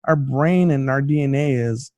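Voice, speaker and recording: A man in casual podcast chat, speaking at a middle pitch. He rambles, circles back and restarts his thoughts, filling gaps with "you know." The sound is dry, with no room around it. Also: normal speed, darkish tone, dry recording. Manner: rambling, many fillers and restarts. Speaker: podcast co-host. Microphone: studio mic.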